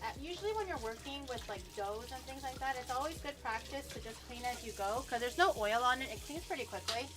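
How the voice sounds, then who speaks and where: A woman's voice: high-pitched, expressive, fairly quick, hardly any pauses. A young woman chatting casually while cooking on her stream, explaining each step and swearing now and then.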